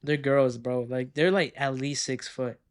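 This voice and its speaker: A man of twenty chatting casually on a podcast, with easy, relaxed replies and joking stories. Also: mid-range voice, clear, resonant tone. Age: 20s. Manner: relaxed, quick back-channel replies. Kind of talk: casual chat.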